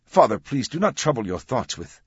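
A man's voice: medium pitch, big pitch swings, moderate pace, slightly rough, dry recording, pitched above the performer's own voice. A man reading an audiobook, voicing a rigid military commander who talks in a stiff, insistent way. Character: rigid military male commander, apologetic but unyielding. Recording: dull dry audiobook recording.

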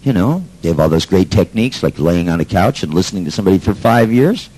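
A man's voice: low voice, expressive, fast, dark tone, husky, low-quality recording. A man telling a story to an audience in a brash, sardonic way, swearing freely. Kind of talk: profane storytelling talk.

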